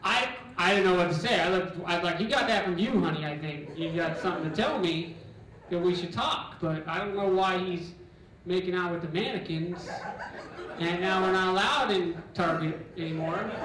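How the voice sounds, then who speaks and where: A middle-aged man doing a stand-up comedy set on a club stage, loud and bantering as he acts out characters. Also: high voice, recorded from a distance. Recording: echoey club recording from afar. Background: audience laughter.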